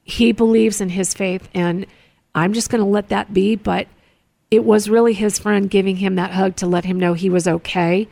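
A woman with a gravelly, fry-tinged voice chats earnestly as a show host. She tells personal stories, often stopping and restarting her sentences. The recording is dry and close. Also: medium pitch, steady tone, moderate pace, darkish tone, dry recording. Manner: earnest, storytelling, many restarts. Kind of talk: casual chat. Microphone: close mic in a studio.

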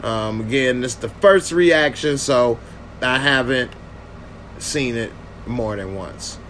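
Taking things slowly, a man with a mid-range, fairly bright voice chats casually about a TV episode and replies to comments from viewers. A little hiss or hum is audible in this loose reaction commentary.

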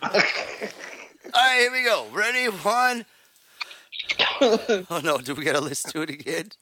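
A man's voice: high-pitched, animated, a little slow, pushed and bright, slight background noise. A man hosting a podcast, chatting casually with giggly, profane banter on a studio mic. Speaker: podcast host. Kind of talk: casual chat.

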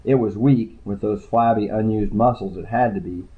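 A man's voice: fairly low pitch, normal speed. A man narrating a first-person story in a dry, wry way. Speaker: audiobook narrator. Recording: tinny phone-like sound.

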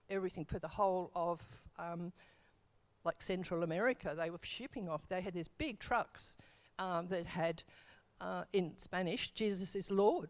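Woman sharing a rambling church testimony. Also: fairly low pitch. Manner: rambling, hesitant, with many fillers and self-corrections. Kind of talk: church testimony, casual storytelling.

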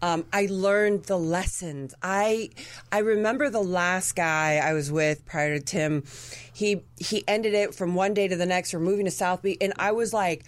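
A woman's voice: lowish voice, moderate pace, no echo. A woman speaking earnestly and emphatically as a podcast guest, telling personal stories with many "like"s. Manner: emphatic, earnest, says "like" a lot. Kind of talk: heartfelt conversational storytelling.

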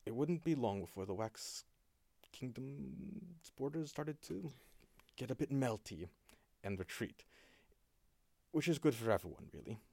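A man's voice: mid-range voice, animated, a little slow, vocal fry, pauses often, dark tone, no echo, pitched above the performer's own voice. A man voicing a secretive, sardonic male spymaster who talks in dry, long-winded warnings. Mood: explaining.

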